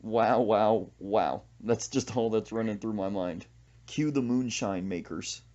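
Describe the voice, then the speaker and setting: Host, comic storyteller, dull lo-fi sound. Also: male voice, fairly low pitch, normal speed, mellow. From Central Texas. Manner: storytelling with laughs and quoted voices. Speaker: podcast host. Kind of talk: comic casual chat.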